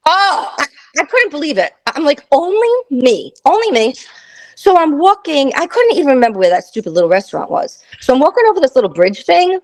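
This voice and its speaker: Laughing, animated storyteller woman. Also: high voice, fast talker, hardly any pauses, rough recording. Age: 50s. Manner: animated, laughing, acts out quoted voices. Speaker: guest. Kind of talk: storytelling in casual chat.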